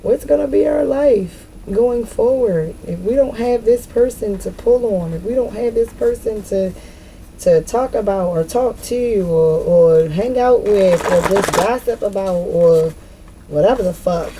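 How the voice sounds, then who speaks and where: A woman's voice: mid-range voice, measured pace, warm tone, slight background noise, lightly acted, rough recording. A woman voicing frantic freeloaders who have lost their meal ticket, whiny and profane. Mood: panicked.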